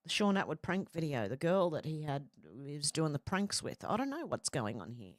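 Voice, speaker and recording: A woman's voice: sits low, very animated, brisk, dry recording, clean studio sound. A woman hosting casual news commentary, rambling and exclaiming with the odd swear. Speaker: commentary host.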